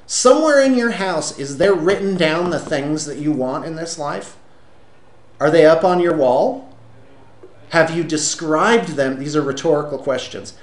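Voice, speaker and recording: A man's voice: on the high side, expressive, measured pace. A man in an interview giving emphatic, lecturing motivational advice with rhetorical questions. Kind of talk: motivational monologue. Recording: roomy echo.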